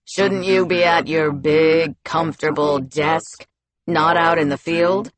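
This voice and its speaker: A woman's voice: deep voice, fairly even intonation, takes it slowly, pitched below the performer's own voice. A woman putting on a cutting, menacing male commander. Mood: mocking. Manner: cutting, taunting.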